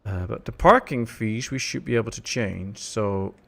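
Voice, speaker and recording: A man casually commenting while he plays a city-building game on a live stream, relaxed and chatty, answering chat as he goes. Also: fairly low pitch, moderate pace, vocal fry.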